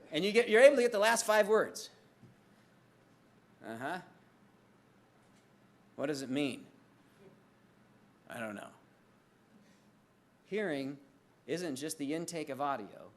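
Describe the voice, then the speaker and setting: A middle-aged male pastor preaching a sermon in a conversational way, acting out little everyday dialogues as he goes. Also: on the high side. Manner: conversational, acts out little dialogues with lively swings of voice.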